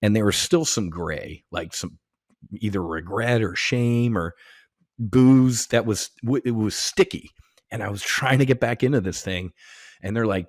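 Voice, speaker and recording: A middle-aged man from the United States, speaking as a podcast guest in a somewhat low voice. His storytelling is loose and animated, full of slang, swearing and restarts. The recording is dry, with no room sound. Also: measured pace, no echo. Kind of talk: casual conversation.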